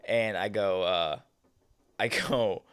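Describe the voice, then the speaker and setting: A young man co-hosting a casual podcast, telling a story with lively reenacted dialogue and cursing. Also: fairly low pitch, slow, clean tone, dry recording, clean studio sound. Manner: animated, reenacts dialogue, swears. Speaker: podcast co-host.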